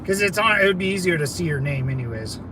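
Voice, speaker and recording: A man's voice: fairly high pitch, expressive, quick pace, very noisy. A man hosting a livestream, telling rambling stories in a laid-back way and calling listeners brother. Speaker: livestream host. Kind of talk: casual storytelling to chat.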